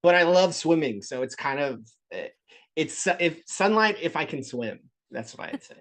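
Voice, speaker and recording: A man's voice: a little high, very animated, normal speed, a bit bright. A man being interviewed as a guest creator, laid-back and self-deprecating, on a glitchy video call. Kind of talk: casual interview chat.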